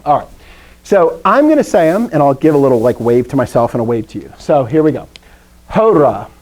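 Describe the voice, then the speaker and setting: Woman, chatty joking teacher on a video call, very lively pitch. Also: fairly quick. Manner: lively, chatty, quizzes the class, jokes. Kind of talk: live classroom lesson.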